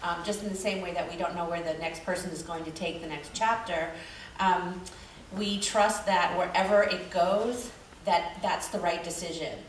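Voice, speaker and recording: A lower-voiced woman explains a point earnestly on a panel. She is heard from across an echoey hall, with faint noise in the background. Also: fairly even intonation, recorded from a distance. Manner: earnest, measured. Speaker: author on a panel. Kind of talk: panel discussion.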